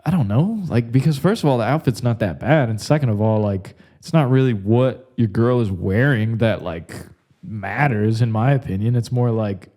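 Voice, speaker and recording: Young man, podcast host, loose crude storytelling, mellow tone. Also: medium pitch, normal speed. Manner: rambling, crude, says "like" and "bro" constantly. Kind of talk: casual comedic monologue.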